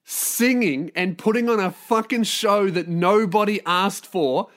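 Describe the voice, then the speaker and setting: A man's voice: high-pitched, measured pace, fairly bright tone. A man hosting a solo podcast, delivering a sweary, sarcastic rant. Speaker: podcast host.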